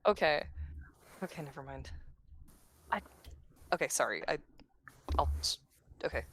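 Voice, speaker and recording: A woman's voice: low-pitched, animated, a little slow, a bit bright, a little hiss or hum. A woman playing a tabletop game, chatty and hesitant, often correcting herself. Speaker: player. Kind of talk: casual tabletop play.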